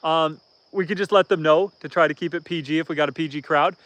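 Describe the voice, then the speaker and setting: A man's voice: on the high side, steady tone, fast talker, fairly bright tone, no echo. A Canadian man in his thirties, hosting a casual homesteading livestream outdoors and chatting in an easygoing, rambling way. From northern Canada. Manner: easygoing and rambling, reads viewer comments aloud.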